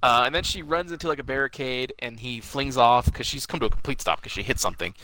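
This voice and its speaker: A man co-hosting a casual movie review podcast, rambling through scenes in an excited, scene-by-scene retelling. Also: medium pitch, fast talker, slight background noise, low-quality recording. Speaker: podcast co-host.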